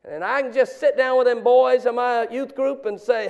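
A middle-aged male pastor preaching a sermon, moving between quiet, confessional storytelling and loud, fervent exhortation. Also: very high voice, moderate pace.

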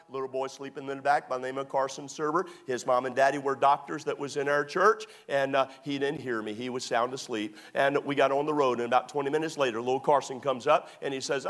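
A man's voice: mid-range voice, brisk, hardly any pauses, fairly bright tone. A middle-aged man, a pastor telling self-deprecating stories in a sermon, full of fillers and restarts. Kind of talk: storytelling sermon.

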